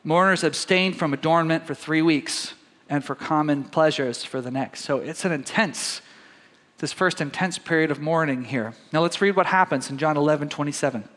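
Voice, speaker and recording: A man's voice: on the high side, moderate pace, a bit bright, big-room sound. A man preaching a sermon, reading scripture aloud and talking it through conversationally with his congregation. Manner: conversational, addresses congregation as "guys". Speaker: pastor.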